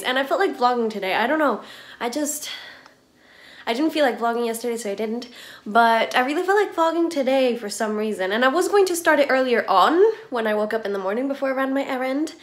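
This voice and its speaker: A woman's voice: fairly high pitch, animated, brisk. A young woman talking casually to her camera as a student vlogger, rambling and giggly, with a stuffy, congested voice. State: stuffy, congested from hay fever. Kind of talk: casual chatty vlog. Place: at home, kitchen area.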